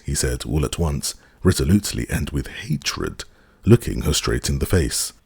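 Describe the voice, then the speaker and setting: A man narrating a classic novel as an audiobook, measured and expressive. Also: extremely low pitch, vocal fry, husky, no room sound. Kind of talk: scripted narration.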